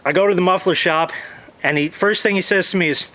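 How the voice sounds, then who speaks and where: A fed-up man tells his story with plenty of profanity and a voice sitting slightly higher than most men's. He talks loosely and casually, slipping into quoted back-and-forth as he retells who said what. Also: a little fast, pushed and bright. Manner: swears freely, retells dialogue in quotes. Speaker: vlogger.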